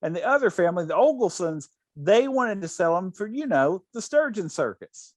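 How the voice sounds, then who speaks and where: A man's voice: high voice, sing-song, moderate pace, no room sound, studio quality, pitched above the performer's own voice. A man voicing an older actress telling a sweet, rambling, ditzy tale in a raised voice. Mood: earnest, sweet.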